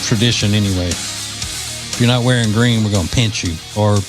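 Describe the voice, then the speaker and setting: A man's voice: fairly low pitch, moderate pace, over loud music. Male talk radio host. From Louisiana. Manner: joking, wry, sarcastic asides. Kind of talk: casual talk radio monologue.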